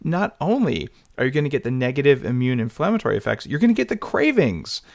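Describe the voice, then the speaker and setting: A man hosting a podcast interview, chatty and quick to laugh, often restarting his sentences. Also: medium pitch, very animated, vocal fry, a little mellow. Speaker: podcast host.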